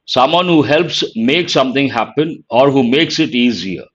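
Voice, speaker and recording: Deliberate Indian-accented man teaching vocabulary. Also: medium pitch, lively intonation, highs cut off. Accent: Indian English. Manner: deliberate, explanatory, repeats key words. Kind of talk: vocabulary lesson.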